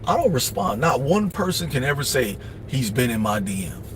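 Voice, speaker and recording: A man livestreaming, with a voice of middling pitch and a blunt, profane, preachy delivery. He rambles through life advice and slips into quick mimicked asides. A faint hum of noise sits under his voice. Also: sing-song, a bit bright. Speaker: livestream host. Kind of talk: casual advice monologue.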